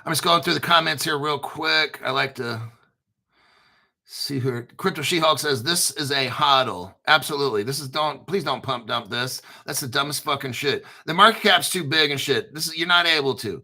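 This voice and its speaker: Male streamer, fairly high and very bright voice, loose profane rambling delivery. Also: normal speed. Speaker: crypto YouTube host. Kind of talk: casual livestream chat.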